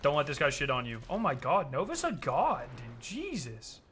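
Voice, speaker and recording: A young man giving profane, excitable commentary while playing a game, trash-talking and bursting into yells. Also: a little high, moderate pace, a little hiss or hum. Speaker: gaming video creator. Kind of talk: live gameplay commentary.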